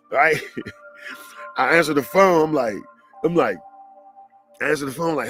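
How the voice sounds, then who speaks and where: A man from Detroit preaches motivation through a story, loose and slangy, laughing as he goes. His voice sits a touch high for a man. Soft music plays under him. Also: lively intonation, normal speed, pauses often. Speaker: motivational speaker.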